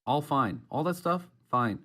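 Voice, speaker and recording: A man's voice: mid-range voice, expressive, measured pace, bright, forceful tone. A man co-hosting a casual sports podcast, rambling with many restarts. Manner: rambling, self-interrupting, laughs along. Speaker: podcast co-host.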